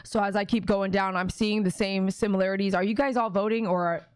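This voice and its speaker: A woman's voice: medium pitch, steady tone, brisk, clear, resonant tone, dry recording. A woman dog groomer chatting on her live stream, reading viewer comments aloud and talking emphatically, often checking that viewers agree.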